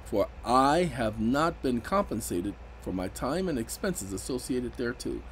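A man's voice: mid-range voice, lively intonation, measured pace, fairly bright tone, slight background noise, poor audio. A man giving casual, emphatic commentary on legal rights, raising his voice sharply when indignant.

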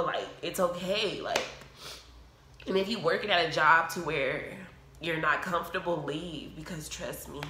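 A woman's voice: low-pitched, pushed and bright, reverberant, a little hiss or hum. Teary woman telling a storytime. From United States. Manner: emotional, tearful, fast casual chat with many fillers. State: teary with a frog in her throat. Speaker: vlogger. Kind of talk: casual storytime vlog.

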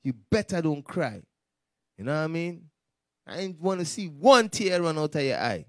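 A man leading a street-style Bible lesson in slangy, animated talk, acting out the voices of the people in the text. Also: fairly high pitch, moderate pace, no room sound, studio quality. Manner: slangy, animated, acts out quoted speech. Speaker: Bible study teacher.

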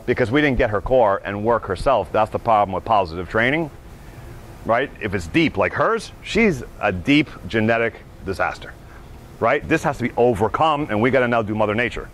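A man instructing on dog behavior, with a voice that swings widely in pitch. He talks outdoors, and faint background noise sits under him. He keeps checking in with his listeners. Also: normal speed. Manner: animated, acts out dogs' thoughts, keeps asking "right?". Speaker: dog trainer. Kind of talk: teaching a class.

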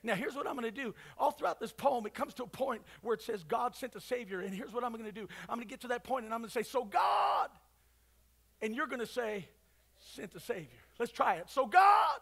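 A man preaching a sermon at a church service, swinging between fervent shouts and hushed, quiet passages. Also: very high-pitched, expressive, a little fast, vocal fry, husky. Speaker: pastor.

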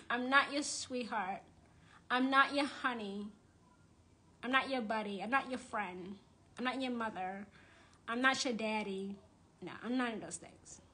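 A woman who calls herself a high priestess, ranting angrily and bluntly on a live stream and often repeating herself. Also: sharp tone. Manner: angry, blunt and repetitive, with cursing. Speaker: self-described high priestess and witch. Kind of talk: live-streamed rant to followers. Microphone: phone or camera on a live social stream.

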